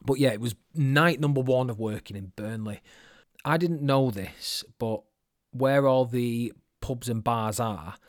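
A man's voice: medium pitch, measured pace, dry recording, studio quality. A man hosting his own podcast, telling a story in a chatty, sweary, self-mocking way. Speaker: podcast host. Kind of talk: casual solo storytelling.

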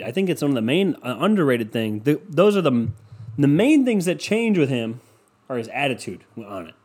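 A man's voice: medium pitch, darkish tone. A man hosting a casual solo podcast, rambling and swearing freely, packing his talk with "you know" fillers. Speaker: podcast host.

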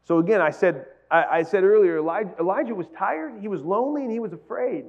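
Talking casually with his congregation, this pastor preaches and rises to emphatic peaks. He sounds high and expressive, speaking fast, with lo-fi sound.

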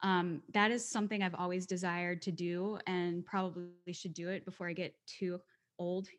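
A woman's voice: fairly low pitch, flat delivery, moderate pace. Blunt woman in her forties. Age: 40s. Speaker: podcast guest. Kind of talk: casual interview chat.

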